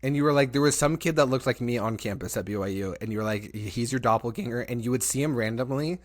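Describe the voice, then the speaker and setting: A young man hosting a podcast, telling a story in casual chat, animated, laughing often and swearing freely. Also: mid-range voice, fast talker. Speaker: podcast host.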